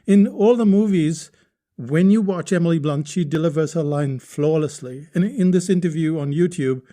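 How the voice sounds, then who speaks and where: A man's voice: fairly high pitch, warm tone. A man hosting a podcast lesson on writing, explaining step by step and posing rhetorical questions to the listener. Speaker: podcast host teaching writing.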